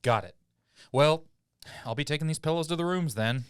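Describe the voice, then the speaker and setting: A man reading character lines in a comedic podcast table read, halting and hesitant. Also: on the high side, smooth, no echo, clean studio sound. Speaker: podcast host.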